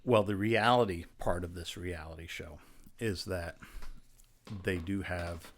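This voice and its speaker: A man, a working actor, telling anecdotes in a casual interview, soft-spoken with a relaxed, punchy, sometimes profane delivery. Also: low-pitched, measured pace. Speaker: actor guest.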